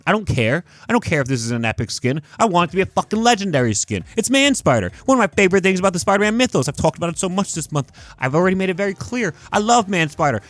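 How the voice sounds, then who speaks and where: A young man reviews a video-game costume in a lively, emphatic way and swears freely. His voice sits on the high side and leaps up and down. The sound is dry and close, with faint music under it. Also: dry recording. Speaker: gaming video host.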